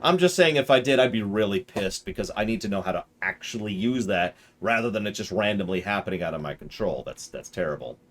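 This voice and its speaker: A man's voice: lowish voice, animated, brisk, few pauses. A man streaming a video game live, reading in-game documents aloud between joking asides. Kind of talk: live gameplay commentary.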